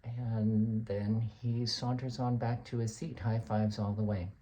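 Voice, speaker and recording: A man's voice: on the low side, little pitch movement, unhurried, dark tone. A man performing a comic dramatic monologue as a college lecturer who vents in an exasperated storytelling manner.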